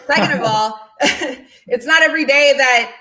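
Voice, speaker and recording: A woman's voice: sits high, moderate pace, pushed and bright, poor audio. A woman from the United States, a guest on a sports chat show, talking in an upbeat way and laughing easily. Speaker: guest, podcast co-host. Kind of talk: casual chat.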